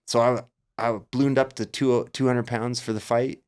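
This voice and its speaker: A middle-aged man with a mid-range voice tells a story as a guest on a casual podcast. He talks with lively energy and acts out what he was thinking at the time. His pitch sits right in the ordinary middle for a man. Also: moderate pace, smooth. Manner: animated storyteller acting out his own past thoughts. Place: Las Vegas area.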